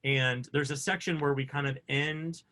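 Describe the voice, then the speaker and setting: A man co-hosting a casual video chat, telling backstage stories with lively acted-out quotes. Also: a little high, normal speed. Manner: lively, acts out quotes in funny voices. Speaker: co-host. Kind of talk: animated storytelling.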